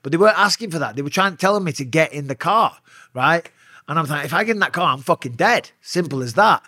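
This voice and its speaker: A man's voice: fairly high pitch, quick pace, no echo, studio quality. A man, a retired fighter, telling a wild story as a guest in a casual interview, swearing freely. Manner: profane, animated storyteller.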